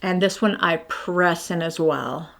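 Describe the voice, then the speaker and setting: A woman's voice: lowish voice, a little slow, vocal fry, fairly bright tone. A woman in her fifties chatting casually through her morning skincare routine, rambling and self-deprecating as she shows each product. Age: 50s. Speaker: beauty vlogger.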